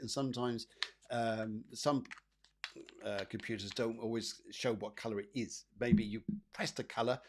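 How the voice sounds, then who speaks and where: A man's voice: medium pitch, a little hiss or hum. A man hosting a live psychic show, reading cards for viewers in a rambling, chatty way with many repeats and fillers. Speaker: psychic medium host.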